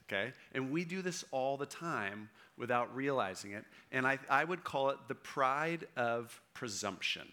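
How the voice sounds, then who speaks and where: A man's voice: medium pitch, sharp tone. A man giving a sermon as a pastor, talking in a conversational, emphatic way and checking in with "right?" and "okay?".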